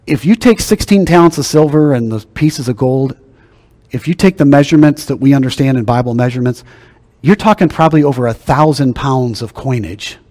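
An older man preaching a sermon as pastor, emphatic, slowing down and dropping his voice to drive key points home. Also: medium pitch. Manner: emphatic, slows down and drops to a hush for key points. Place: church sanctuary. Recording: long hall reverb.

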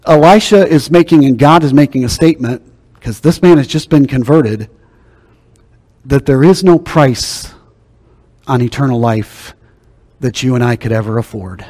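An older man preaching a sermon as pastor, emphatic, slowing down and dropping his voice to drive key points home. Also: medium pitch. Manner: emphatic, slows down and drops to a hush for key points. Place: church sanctuary. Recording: long hall reverb.

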